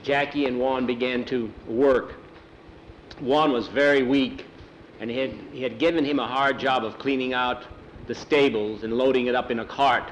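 Male storyteller, folksy unhurried narration, middle pitch, faint road noise behind. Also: steady tone, low-quality recording. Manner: plain, unhurried folksy telling. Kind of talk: oral storytelling.

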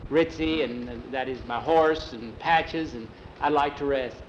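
A man's voice: medium pitch, a little slow, dull audio, slight background noise, close to an everyday voice. Man voicing a tired earnest young man, plain voice, storybook telling. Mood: weary.

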